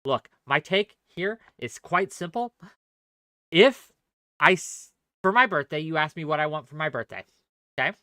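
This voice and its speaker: A man's voice: fairly high pitch, unhurried, long pauses, sharp tone, no room sound, clean studio sound. A man hosting a heated debate stream, arguing hard and swearing, acting out both sides of his examples in quoted voices.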